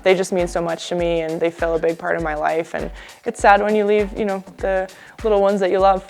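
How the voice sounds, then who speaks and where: A young woman from California in a relaxed, chatty interview, full of "you know"s. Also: on the low side, quick pace. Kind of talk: casual interview talk. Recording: faint music underneath.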